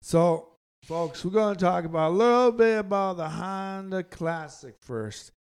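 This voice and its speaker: A man's voice: sits high, a little slow, clear, resonant tone. A man hosting a casual sports podcast, loose and rambling, often joking. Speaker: podcast host.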